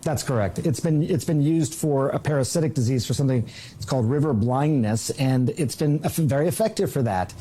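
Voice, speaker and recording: A man co-hosting a podcast, calmly explaining facts in casual chat. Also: mid-range voice, husky. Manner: measured, explains facts with "you know" fillers. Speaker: podcast co-host.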